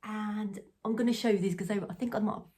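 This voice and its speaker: A woman's voice: medium pitch, steady tone, quick pace, mellow, far from the mic. Rambling, laughing English woman, a bit off-mic. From England. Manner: rambling, self-deprecating, laughs often. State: tearful, emotional. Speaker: craft channel host. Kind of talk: casual chatty vlog.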